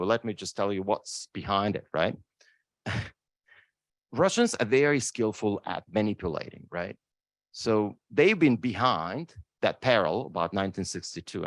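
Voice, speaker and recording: Male panelist, animated delivery, dry close sound, emphatic and emotional. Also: on the low side, dry recording. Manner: emphatic, repeats "right?" often. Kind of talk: impassioned panel talk. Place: lecture room.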